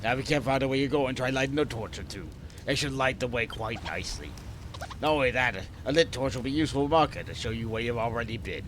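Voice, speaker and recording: A man's voice: medium pitch, expressive, quick pace, slight background noise, voice pushed down, close to an everyday voice. A man voicing a smoky-voiced underground creature who coaxes and pleads for help with a put-on, vaguely French accent. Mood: pleading. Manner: coaxing, wheedling, calls the listener pet names.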